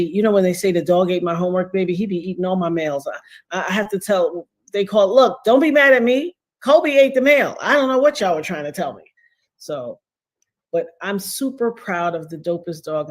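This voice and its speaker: A middle-aged woman hosting a livestream, talking straight to her viewers in an animated, emphatic way, with slang and repeated phrases. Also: fairly low pitch. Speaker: livestream host. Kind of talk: casual livestream commentary.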